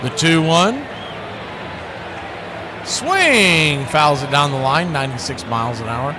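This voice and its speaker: A man calling a baseball game pitch by pitch as the stream's play-by-play announcer, rising in excitement on big plays. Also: takes it slowly, noisy background.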